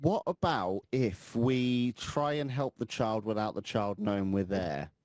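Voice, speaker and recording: A man's voice: on the low side, unhurried, no echo. A man joking around as a player in a tabletop game. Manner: jokey, lively back-and-forth. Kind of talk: casual tabletop play.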